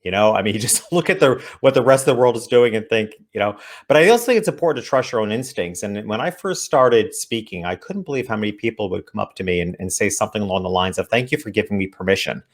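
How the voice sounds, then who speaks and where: A man's voice: fairly low pitch, expressive, fast, few pauses. A man, an author guesting on an interview show, talking earnestly as he explains his ideas. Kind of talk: interview conversation.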